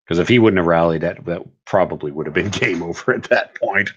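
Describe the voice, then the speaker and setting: Low-voiced man rambling on a game stream. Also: brisk, breathy edge, dull audio. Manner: rambling, stop-start with many fillers and restarts. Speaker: wargame channel host. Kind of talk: casual live-stream game commentary.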